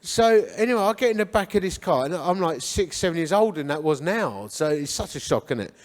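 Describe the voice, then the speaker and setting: Recorded in a church hall with plenty of echo, this Hornchurch man is a guest speaker recounting his life with humor and performing the conversations himself. He speaks high, expressively, and fairly quickly.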